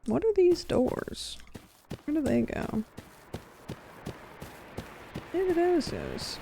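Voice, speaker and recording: A woman's voice: high-pitched, huge pitch swings, extremely slow, creaky, background noise. A young adult woman streaming a horror game, joking casually and reading the game text aloud. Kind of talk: casual gameplay commentary.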